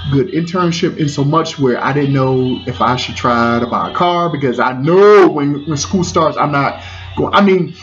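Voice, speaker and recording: A man's voice: mid-range voice, fairly bright tone. A man in his forties telling a personal story, repeating phrases and stumbling over restarts. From Washington DC area. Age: 40s. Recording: dull lo-fi sound with faint music.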